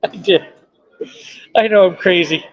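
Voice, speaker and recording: A chatty man in his fifties with a high-pitched voice. He talks loosely and laughs a lot. The recording sounds dull and lo-fi. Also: a little slow. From Canada. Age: 50s. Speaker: streamer. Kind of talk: casual live-stream chat. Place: indoor bus station waiting area.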